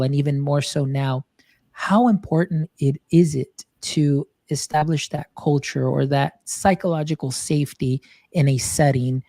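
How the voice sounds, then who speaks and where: A man's voice: a little high, gravelly, mellow, no room sound, studio quality. A man hosting an education podcast, asking long, rambling questions full of fillers. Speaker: podcast host. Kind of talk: casual interview.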